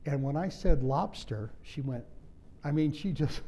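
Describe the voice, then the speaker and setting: A man's voice: mid-range voice, sing-song, slow, gravelly, long pauses, warm tone, a little hiss or hum. A middle-aged man preaching a sermon in a conversational way, with humorous asides and personal stories. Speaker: pastor.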